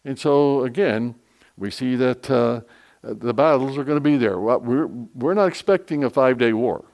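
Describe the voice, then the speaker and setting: A man preaching a conversational Bible sermon, reading scripture slowly and explaining it with frequent fillers. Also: mid-range voice, darkish tone.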